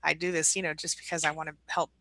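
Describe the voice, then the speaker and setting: Female live-stream host, emotional and warm, bright slightly low voice, reading audience comments. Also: little pitch movement, quick pace, no echo. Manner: warm, emotional, reads viewer comments aloud.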